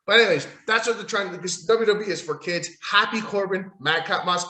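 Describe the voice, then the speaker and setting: A man's voice: high-pitched, a little fast, sharp tone. A man hosting a solo podcast, recapping in a rambling, profane, sarcastic way. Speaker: podcast host. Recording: echoey room.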